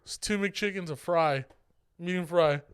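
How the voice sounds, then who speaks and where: Young male podcast co-host, casual and profane, slightly high, smooth voice. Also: unhurried, a bit bright, no echo, studio quality. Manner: loose, profane storytelling with laughs. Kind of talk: casual chat.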